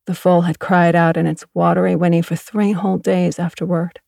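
A woman narrating a first-person audiobook in a measured, even way. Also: fairly low pitch, vocal fry, no echo, studio quality.

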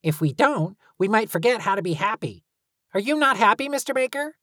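A woman voicing an excitable little mustached girl from a storybook, eager and matter-of-fact. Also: mid-range voice, a little fast, no echo, clean studio sound, voice pushed up.

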